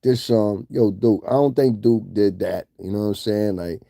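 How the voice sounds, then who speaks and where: A man lectures a rival in loose, laid-back talk. His voice is low and gravelly with a warm, mellow tone, recorded dry and close. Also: moderate pace, dry recording. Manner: laid-back, talks straight to a rival, laughs often. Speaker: YouTube commentator. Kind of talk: casual direct-address commentary.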